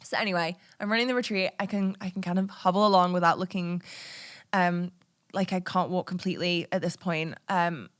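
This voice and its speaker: A woman's voice: on the low side, fairly even intonation, a little fast, a bit bright, smooth. A woman in her thirties hosting a podcast, telling a candid personal story in a frank, chatty way, swearing casually and laughing often. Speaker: podcast host.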